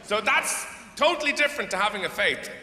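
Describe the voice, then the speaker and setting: A man's voice: high voice, animated, fairly quick, pushed and bright, a little hiss or hum. Sardonic middle-aged man doing stand-up. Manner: rambling, sardonic, sweary, with sudden outbursts. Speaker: stand-up comedian. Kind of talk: live stand-up comedy. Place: live theater stage. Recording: echoey theater hall, faint audience.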